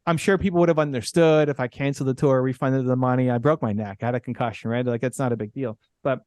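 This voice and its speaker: A man's voice: medium pitch, steady tone, fast talker, a little mellow, no room sound, clean studio sound. A middle-aged man, a podcast guest, telling a candid personal story in an earnest way, full of "like" and "right?".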